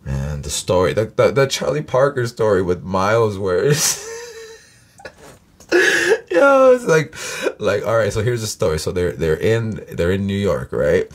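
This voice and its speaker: A man's voice: on the low side, sing-song, measured pace. A man hosting a reaction video, talking in a rambling, profane way with lots of fillers and "you know what I mean". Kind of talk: rambling casual monologue.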